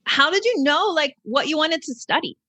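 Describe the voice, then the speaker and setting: A woman's voice: sits high, animated, normal speed, pushed and bright. A woman hosting an interview podcast, asking questions in an eager way and laughing easily. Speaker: podcast host. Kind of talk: interview conversation.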